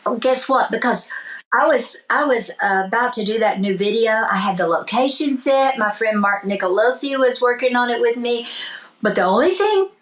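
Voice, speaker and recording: Her voice is a little high, with lively intonation and normal speed, though the recording is rough. The country singer-songwriter, a guest in a relaxed interview, recounts stories animatedly, imitating the people involved, and dwells on faith and blessings.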